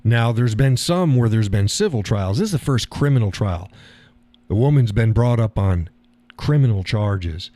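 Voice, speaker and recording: A man's voice: lowish voice, lively intonation, normal speed, dark tone, no room sound. A man hosting a live stream, talking casually and rambling, chuckling at his own remarks.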